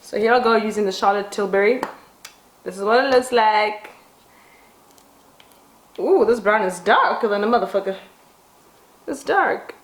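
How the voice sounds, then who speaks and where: A woman who vlogs about beauty tells a dramatic story while doing her makeup at home. She is animated and swears casually. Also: mid-range voice, normal speed, pauses often. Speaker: beauty vlogger. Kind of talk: casual get-ready-with-me storytelling. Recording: roomy echo.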